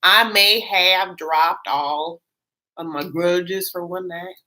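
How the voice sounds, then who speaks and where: A woman's voice: fairly low pitch, fairly even intonation, slow pace, bright, forceful tone. A woman putting on the voice of a sulky, grudge-holding middle-aged woman from a reality show.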